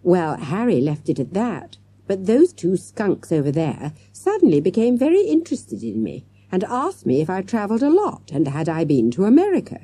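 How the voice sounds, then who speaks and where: A woman's voice: lowish voice, huge pitch swings, normal speed, few pauses, warm tone, breathy edge, voice pushed up, heavily acted. A woman reading an audiobook and voicing a dramatic, emotional female schoolteacher in a theatrical, gushing manner.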